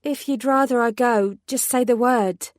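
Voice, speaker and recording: For an audiobook, a woman voices a young female detective who sounds firm and earnest, using a natural delivery pitched higher than her own voice. The pitch is on the high side, her pace unhurried, and the clean studio recording has no room sound.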